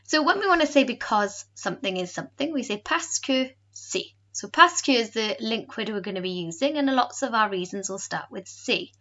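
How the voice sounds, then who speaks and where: A woman's voice: medium pitch, lively intonation, fairly quick, hardly any pauses, fairly bright tone, muffled recording. A woman with a Welsh accent, a French teacher explaining a recorded home lesson to pupils step by step, patiently.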